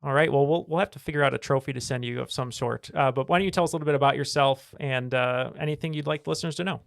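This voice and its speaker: A man hosting a podcast in a chatty, upbeat tone, filling his pauses with "uh". His voice has a noticeable vocal fry. The sound is dry and close, with no room around it. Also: mid-range voice, no echo. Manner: chatty, filler-heavy, upbeat. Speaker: podcast host. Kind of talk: casual podcast chat.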